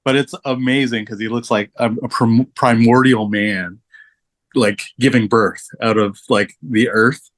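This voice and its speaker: A man's voice: mid-range voice, steady tone, measured pace, no room sound. Man, podcast guest, casual film chat, loose, laughing, dry close sound. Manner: loose, laughing, filler-heavy.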